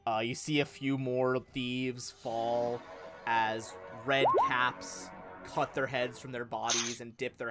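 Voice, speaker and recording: A man narrating a tabletop game on a live stream as game master, in a casual, rambling way with many fillers. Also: mid-range voice.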